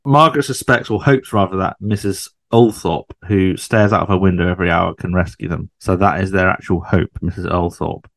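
A man's voice: sits low, a little fast, gravelly, hardly any pauses, fairly bright tone, dry recording, studio quality. A man co-hosting a podcast in casual chat, chatty and fond of tag questions. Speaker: podcast co-host. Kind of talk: casual chat about a TV sitcom.

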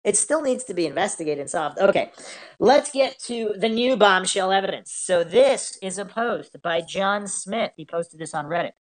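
A woman's voice: medium pitch, animated, moderate pace. A woman hosting a casual true-crime podcast, reading out reports and questioning them skeptically. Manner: questioning, skeptical, reads out articles and posts. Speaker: podcast host.

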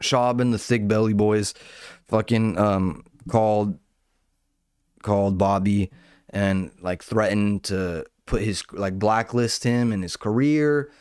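A man's voice: on the low side, steady tone, takes it slowly, a little mellow, clean tone, dry recording, studio quality. A man ranting casually about online drama, profane and rambling, often breaking off and jumping between points. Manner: profane, rambling, self-interrupting. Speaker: commentator.

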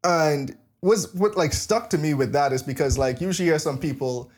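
A man hosting a faith podcast, chatting casually and reading scripture, relaxed and rambling with many "like" and "you know what I'm saying". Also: on the high side, moderate pace. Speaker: podcast host.

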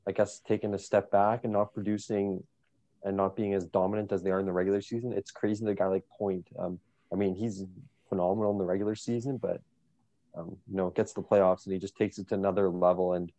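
Man co-host, very low, mellow, even, measured. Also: no echo. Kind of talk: casual sports chat.

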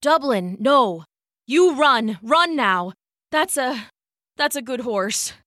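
A woman voicing an exhausted young man who speaks weakly and hoarsely in a storybook reading. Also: sits high, expressive, slow pace, no echo, studio quality, exaggerated voice. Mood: urgent. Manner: weak, croaking, hushed. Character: exhausted young man, gentle horse owner.

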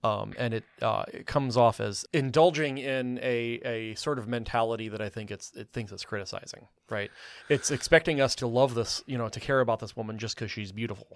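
A man talking casually about a movie, rambling with lots of restarts and fillers, getting animated as he argues. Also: mid-range voice, a little fast, no room sound. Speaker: film podcast co-host. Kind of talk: casual film review chat.

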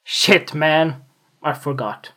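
A man's voice: a little high, slow pace, a bit bright. A young man hosting a casual solo podcast into a desktop USB microphone, rambling with frequent restarts and joking boasts. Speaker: podcast host.

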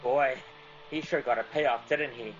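An actor playing an excitable, stammering man in an old-time radio drama. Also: medium pitch, a little slow, muffled recording, slight background noise, lightly acted. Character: curious man who finds a finished story.

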